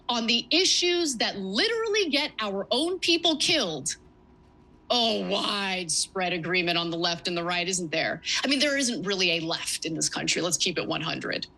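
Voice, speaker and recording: A woman's voice: mid-range voice, bright, forceful tone, rough recording. Sarcastic woman news commentator. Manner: emphatic, sarcastic asides. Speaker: political commentator. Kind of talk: news commentary reading excerpts.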